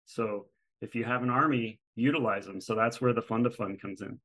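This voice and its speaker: A middle-aged man, a guest on a podcast, telling an animated story in casual conversation and acting out the people he quotes. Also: fairly low pitch, brisk, rough recording. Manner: animated storyteller who acts out quoted exchanges. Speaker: guest, real estate fund manager.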